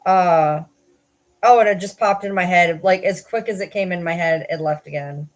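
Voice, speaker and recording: A woman's voice: lowish voice, normal speed. A woman, chatting casually on a live stream, rambling and swearing with frequent laughs. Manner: rambling, swears, laughs often, self-deprecating.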